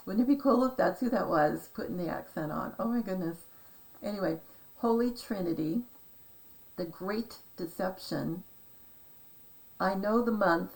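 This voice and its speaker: A woman's voice: mid-range voice, gravelly, rough recording. A woman rambling through a casual monologue as a vlogger, meandering and hesitant, often trailing off into asides. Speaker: conspiracy decoding vlogger.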